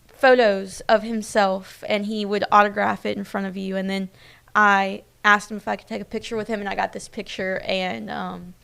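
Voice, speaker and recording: With a medium-pitched, level voice at normal speed, gravelly yet fairly bright and smooth, this twenty-something news host chats casually on a local news live stream. She keeps it personal and chatty, using lots of fillers.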